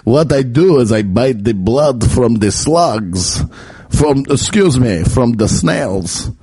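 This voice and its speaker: Mock vampire from France, put on by a man: drawn-out words, bouncy lilting pitch, dry close sound. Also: expressive, dark tone, slightly rough, no room sound, heavily acted. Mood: theatrical. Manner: slow, drawn-out delivery sliding into a Dracula accent. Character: slow, drawling male vampire from France.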